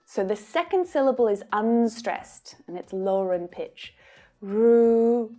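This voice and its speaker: A woman with an Australian accent teaching English pronunciation, modelling each sound slowly and carefully. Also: mid-range voice, very animated, warm tone, faint music behind. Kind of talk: pronunciation lesson.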